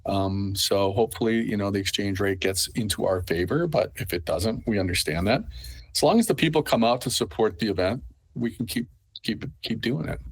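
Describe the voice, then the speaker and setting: Low-voiced middle-aged man telling stories. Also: fairly quick, slightly rough. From Canada. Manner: rambling storyteller, full of fillers. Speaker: festival owner, interview guest. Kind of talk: conversational interview.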